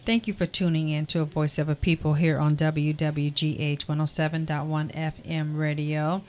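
Deep-voiced female radio host signing off. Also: little pitch movement, moderate pace. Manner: gracious sign-off with soft laughter. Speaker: radio talk show host. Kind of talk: closing a radio talk show. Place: radio studio.

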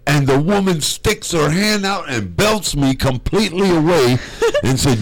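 A man hosting a radio show, chatting and telling stories in a teasing, animated way and slipping into funny voices. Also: fairly high pitch, measured pace, hardly any pauses, no echo, low-quality recording. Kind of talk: casual studio chat and storytelling. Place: radio studio.

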